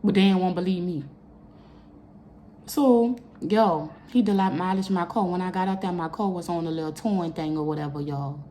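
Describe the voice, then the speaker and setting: A young woman vlogger, telling a personal story in a casual storytime video, animated and jumping into loud high bursts when upset. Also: moderate pace, slight background noise.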